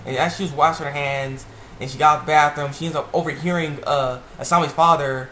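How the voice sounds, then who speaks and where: A man casually recapping a TV episode, rambling and excitable, with lots of fillers and restarts. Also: on the high side, fairly quick. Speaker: TV episode reviewer. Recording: echoey room with faint background noise.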